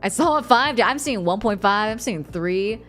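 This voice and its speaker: A woman's voice: medium pitch, normal speed, faint music behind. A young woman streaming live, casually chatting with her viewers, reading their messages aloud and laughing often. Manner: animated, laughs often, reads chat aloud.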